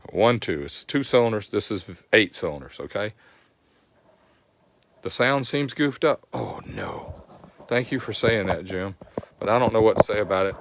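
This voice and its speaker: Southern male host, lowish voice, folksy live-stream teacher, dry recording. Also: no echo. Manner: folksy, explains step by step, greets viewers. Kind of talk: live-streamed technical lesson.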